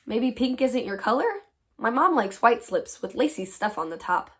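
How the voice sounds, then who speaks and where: A woman reading aloud, voicing a cheerful, literal-minded young girl with a higher, earnest, innocent tone. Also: lively intonation, moderate pace, natural voice.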